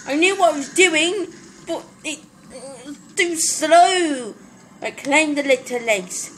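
An excitable Irish woman chatting through gameplay as a let's play host. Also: sits high, slow, slight background noise. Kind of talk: gaming commentary.

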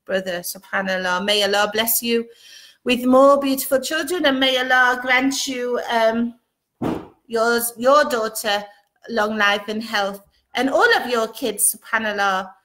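A woman hosts a relaxed live stream in a fairly high voice. She reads out viewer comments one by one and mixes in short Arabic blessings as she chats. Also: unhurried. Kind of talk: casual live-stream chat.

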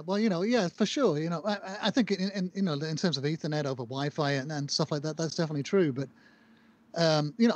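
A man's voice: a little high, no echo. A man co-hosting a casual tech chat, upbeat and teasing, with lots of fillers. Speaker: podcast co-host.

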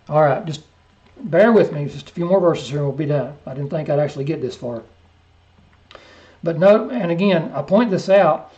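A man with a fairly high voice teaches a verse-by-verse Bible lesson, reading scripture slowly and deliberately before dropping into quiet, offhand asides. The recording is muffled and lo-fi.

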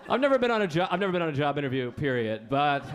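A man's voice: fairly high pitch, big pitch swings, racing. A man performing a live stand-up set on a comedy club stage, telling stories casually and often slipping into acted-out quotes. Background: audience laughter and faint room noise.

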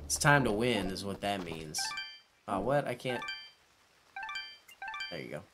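A man hosting a gaming channel, giving let's-play commentary with excitable, swearing, shouting reactions. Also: lowish voice, measured pace. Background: loud game music.

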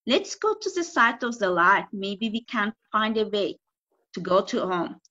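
A woman reading the lines of a crafty little dwarf boy in a folk tale, in a plain, halting voice on a dull lo-fi recording. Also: medium pitch, big pitch swings, bright, forceful tone, full character voice.

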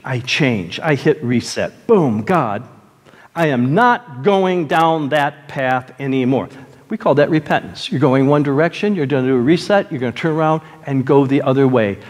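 Emphatic preacher in a reverberant hall. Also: male voice, on the high side. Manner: swings from loud emphatic preaching to soft prayer. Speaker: pastor. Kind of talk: sermon. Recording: long reverb of a large hall.

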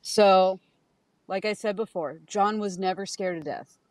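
A woman's voice: mid-range voice, unhurried, darkish tone, no room sound. A woman who cares for her husband, speaking earnestly and bluntly on a livestream, with some swearing. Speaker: caregiver guest. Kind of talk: casual livestream conversation.

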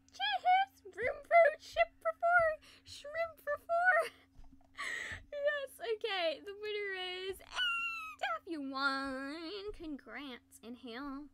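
Very high-voiced woman streamer, playful, goofy, chatty, faint music behind. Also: a bit bright. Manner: playful and silly, jumping between goofy voices and giggles. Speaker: livestreamer. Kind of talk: casual live game-stream chatter.

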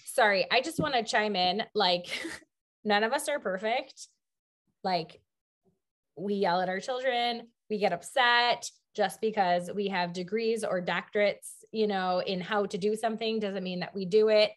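A woman's voice: mid-range voice, measured pace. A woman, a mother, speaking earnestly on a community panel discussion, with many "um"s and "like"s. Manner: earnest, fillers like "um" and "like". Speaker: parent panelist.

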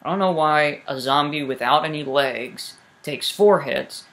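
A let's-play gamer giving casual commentary to viewers, swearing heavily, with loud angry outbursts and sarcastic asides. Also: mid-range voice, a little slow.

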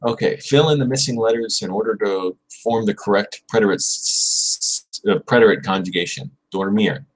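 A man hosting a casual livestream, thinking aloud and chatting with viewers while he drills verb conjugations, repeating words slowly and correcting himself. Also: on the low side, a little hiss or hum, rough recording. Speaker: livestream host studying Spanish.

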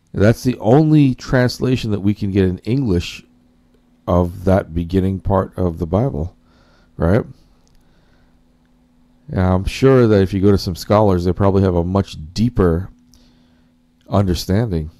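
A man with a low, warm, mellow voice hosts a casual reaction commentary. He rambles and talks straight to his viewers, often calling them guys as he searches for words and corrects himself along the way. The sound is dry and close, with no room echo. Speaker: commentary host.

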